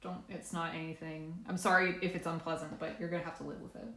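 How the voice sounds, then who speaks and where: A woman's voice: deep voice, level tone, fast talker, sharp tone, reverberant. A woman chatting casually on a live stream from a laundry room, a bit congested and sniffly, nervous and self-deprecating.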